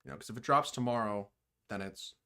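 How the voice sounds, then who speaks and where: A man's voice: fairly low pitch, fairly quick, bright, forceful tone. A man co-hosting a casual livestream chat, thinking aloud in a laid-back way and often trailing off. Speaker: co-host of a fan podcast livestream.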